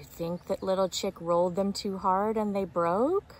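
A woman teacher reading a picture book aloud to preschoolers, gently explaining and asking them questions. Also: medium pitch, steady tone, a little slow, hardly any pauses, a little hiss or hum. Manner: asks young listeners questions, explains gently.

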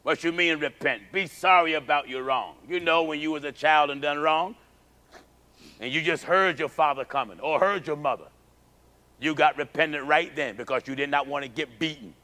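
A man preaching a sermon as pastor, animated and storytelling. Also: moderate pace. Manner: animated preaching, acts out childhood prayers in high cries.

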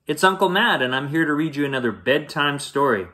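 A man reading a children's bedtime story aloud, playful and animated, acting out sound effects. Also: a little high, fairly quick.

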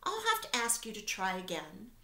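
Storybook role: a kind, wise female spider, gentle but firm, as a woman reading aloud puts her on, lively, roomy echo. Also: medium pitch, moderate pace, heavily acted.

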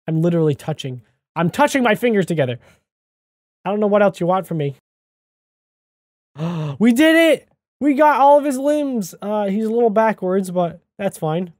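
A man hosting a gaming channel, giving excitable let's-play commentary into a desk microphone, yelping and shouting at surprises. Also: sits high, no room sound.

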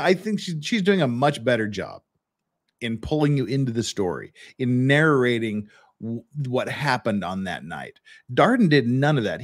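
A man hosting a podcast who talks through trial footage in a blunt, opinionated way, often restarting his sentences. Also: medium pitch. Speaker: podcast host. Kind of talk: casual commentary on trial footage.

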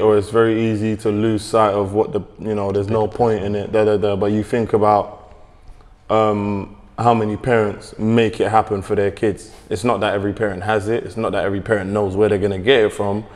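A man's voice: on the low side, level tone, a little fast, darkish tone, long reverb tail. A man with a London accent talking earnestly in casual conversation, with many "you know" fillers. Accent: London English. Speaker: basketball player.

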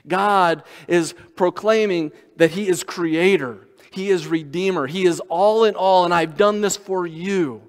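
Pastor with a higher voice in reverb. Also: male voice. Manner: reads scripture aloud and slows down to stress key words. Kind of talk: sermon. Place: church sanctuary.

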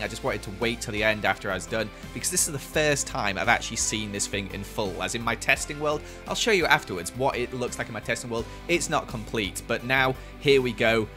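A young man giving casual, excitable commentary over his gameplay in a voice-over. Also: mid-range voice. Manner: chatty and excitable, exclaims a lot. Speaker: gaming YouTuber.

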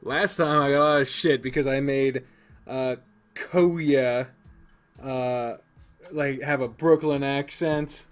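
A man plays a video game and casually comments at a slow pace in a steady, medium-pitched voice, with faint music behind him. He reads all the characters aloud, joking and swearing freely in this let's-play.

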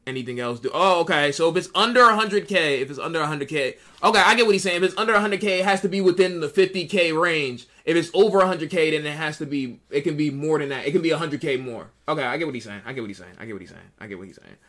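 A man's voice: on the high side, fast, few pauses, a bit bright. Profane, repetitive young male streamer. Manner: profane, repetitive, talks to chat. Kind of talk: casual live-stream commentary.

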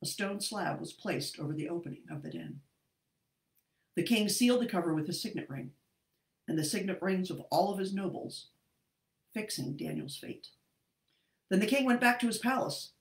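A woman leading an online Bible lesson, reading scripture with lively expression and dropping in jokey asides to her students. Her voice sits in a middle register. The room around her echoes noticeably. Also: mid-range voice, normal speed, long pauses. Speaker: Bible study teacher.

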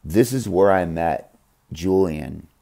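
Brief: gravelly low male storyteller, slow, swooping delivery, profane and rambling. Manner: profane, rambling, animated, acts out others' voices. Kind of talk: casual storytelling monologue.

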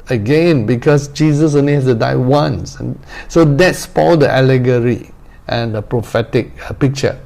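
A man's voice: mid-range voice, gravelly, dark tone. A male pastor preaching a sermon, repeating phrases and asking the listeners direct questions.

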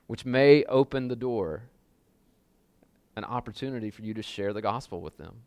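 A man with a lowish, slightly mellow voice preaches as pastor in a church sanctuary with a congregation, at a moderate pace broken by long pauses. His delivery is loose and conversational, full of casual fillers and repeats, with no echo.

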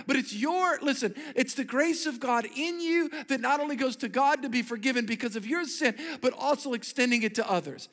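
Pastor, male, high-pitched, fervent sermon delivery with call-and-response, long hall reverb. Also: a little fast, fairly bright tone. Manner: emphatic preaching, calls on the congregation to repeat words. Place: church sanctuary.

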